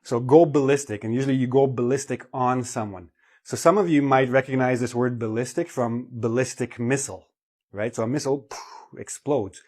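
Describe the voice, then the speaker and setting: A man's voice: mid-range voice, normal speed, darkish tone. Man explaining English vocabulary. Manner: explanatory, checks in with "okay?" and "right?". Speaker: English teacher. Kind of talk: vocabulary lesson.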